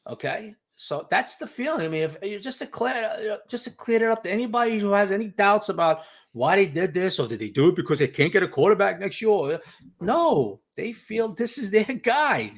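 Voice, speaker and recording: Animated New man telling stories. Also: high-pitched, normal speed. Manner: emphatic storyteller, repeats "you know" and "okay". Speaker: podcast guest, team insider. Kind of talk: casual sports podcast chat.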